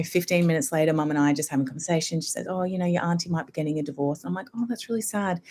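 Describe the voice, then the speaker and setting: Podcast guest, woman, low voice, rambling anecdotal delivery. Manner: animated storytelling, many fillers like "you know". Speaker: homeopath guest. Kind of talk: casual podcast conversation.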